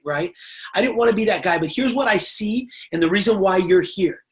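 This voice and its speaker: A man leading a network marketing team training, energetic and chatty, acting out little quoted exchanges and checking in with "right?" and "okay?". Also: high-pitched, a little fast. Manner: energetic, acts out quoted voices, says "right?" and "okay?" often. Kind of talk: motivational training talk.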